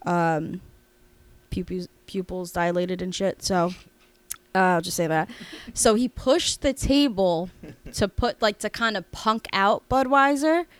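Smooth-voiced woman telling a story. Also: mid-range voice, no room sound. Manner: rambling, animated, with many fillers and restarts. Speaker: podcast co-host. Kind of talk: casual storytelling chat.

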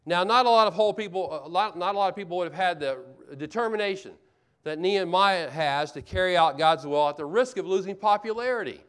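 A man's voice: high voice, a little fast, a bit bright, smooth. A man preaching a sermon as pastor, earnest, asking rhetorical questions and repeating phrases for emphasis.

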